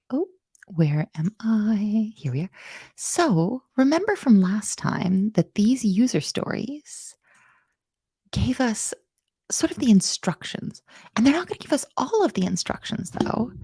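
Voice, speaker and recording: A woman's voice: medium pitch, a little mellow, breathy edge, no echo, clean studio sound. A woman hosting a casual live coding lesson, chatty and self-mocking as she reads out viewer comments. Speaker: coding instructor hosting a livestream.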